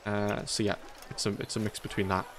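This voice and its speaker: A man's voice: on the low side, flat delivery, brisk, creaky, heavy background noise. A man from northeast England with a Geordie-Mackem accent, chatting casually while streaming a game. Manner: rambling, chatty, laughs often. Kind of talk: casual gameplay commentary.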